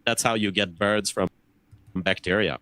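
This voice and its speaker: A man's voice: on the low side, steady tone, measured pace, pushed and bright, no room sound, low-quality recording. A man in a conversation earnestly explaining his ideas, often repeating words as he thinks. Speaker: interview guest.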